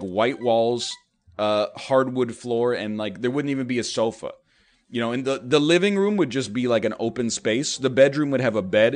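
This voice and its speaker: Hosting a show, this man rambles through a self-deprecating comic monologue full of "like," abruptly shifting pitch whenever he impersonates others.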